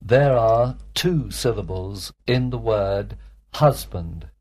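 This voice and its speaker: Man, student, drill replies, slow measured pace. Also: on the low side, animated, a little mellow. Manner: measured full-sentence replies. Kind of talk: answering drill questions.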